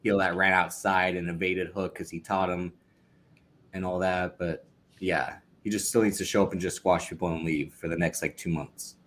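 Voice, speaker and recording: A man co-hosting a podcast in casual chat, talking quickly and easily. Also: deep voice, fairly even intonation, a bit bright, slight background noise. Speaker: podcast co-host.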